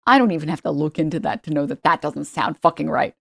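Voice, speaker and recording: A woman delivers sarcastic, profane reaction commentary, mocking what she watches. Her voice sits low, and the recording is dry and close with no room sound. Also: expressive, fast, vocal fry, fairly bright tone, no echo. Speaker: commentary streamer.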